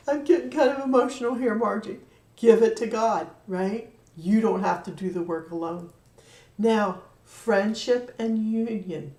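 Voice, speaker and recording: A woman giving a spiritual card reading, talking in an earnest, gently encouraging way. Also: medium pitch. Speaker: card reader. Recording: roomy echo, voice from a distance.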